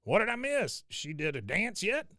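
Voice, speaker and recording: A man doing a shrill cranky old veteran. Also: very animated, moderate pace, pushed and bright, no echo, clean studio sound, heavily acted. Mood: scornful. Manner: shrill, barking and scornful.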